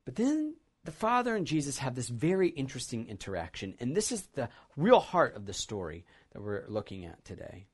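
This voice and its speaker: A man's voice: mid-range voice, huge pitch swings, a little fast, few pauses, breathy edge. A male pastor preaching a sermon, retelling a scripture passage as a story and reflecting on what it means.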